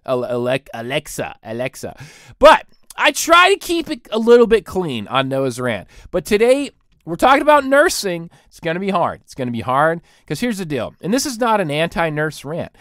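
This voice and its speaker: Male podcast host, 30s, comic rant, lively pitch swings, dry close sound. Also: no echo. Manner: animated, self-mocking, sarcastic. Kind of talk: comedic rant.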